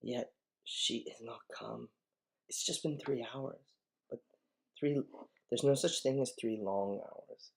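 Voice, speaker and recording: A man's voice: mid-range voice, a little mellow. A man teaching a classic play, musing through it in a conversational way. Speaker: literature teacher.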